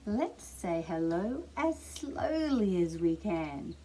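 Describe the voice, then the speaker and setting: A middle-aged Australian woman leading a toddler storytime with a gentle, sing-song, encouraging delivery. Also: lowish voice, big pitch swings, takes it slowly, a little hiss or hum, rough recording. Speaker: children's librarian. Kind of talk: toddler storytime reading and songs.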